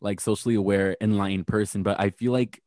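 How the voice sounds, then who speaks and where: A man's voice: on the low side, steady tone, brisk, darkish tone, no room sound, clean studio sound. A man co-hosting a podcast, chatting casually and bluntly with lots of swearing and rambling fillers. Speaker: podcast co-host. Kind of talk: casual chat.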